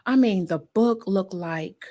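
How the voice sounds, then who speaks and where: A young adult woman, a nurse and podcast host, telling an emotional personal story in a casual, animated way and talking straight to her listeners. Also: medium pitch, slow pace.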